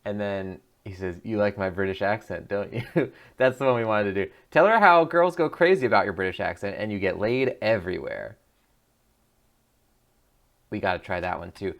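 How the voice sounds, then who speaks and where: Low-voiced man chatting over a game. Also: expressive, moderate pace, gravelly, a bit bright. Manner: chatty, laughing, musing aloud. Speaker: streamer. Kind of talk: gameplay commentary.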